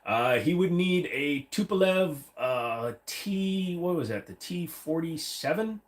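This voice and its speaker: A man's voice: fairly high pitch, expressive, slow pace, a little hiss or hum. A man hosting a casual livestream, reading viewer comments and rambling with jokes and silly voices from his room at home. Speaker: livestream host. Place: home room, seated against a wall.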